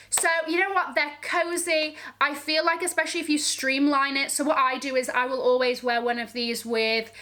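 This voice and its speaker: A woman's voice: sits high, sharp tone. A woman vlogging about fashion, sassy and gushing, full of slang and frequent "okay?" check-ins. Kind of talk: casual to-camera fashion chat.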